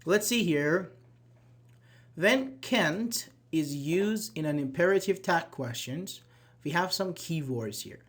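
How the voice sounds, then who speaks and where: A man's voice: on the high side, expressive, takes it slowly. A man teaching an online English grammar class, reading example sentences aloud and quizzing his students.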